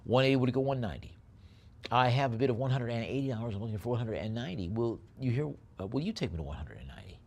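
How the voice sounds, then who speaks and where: A man calling a live auction, rattling off bids in a quick chant and slowing down to describe each lot. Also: mid-range voice, animated, a little mellow. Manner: rapid bid-calling chant alternating with slower item descriptions.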